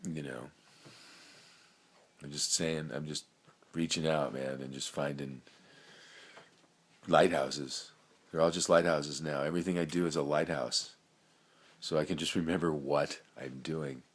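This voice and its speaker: Speaking with a rumbling low voice, this middle-aged man with a brain tumor drifts from thought to thought in a personal monologue full of relaxed slang. He's a little slow and breathy, with a steady tone and long pauses, and his volume rises and falls.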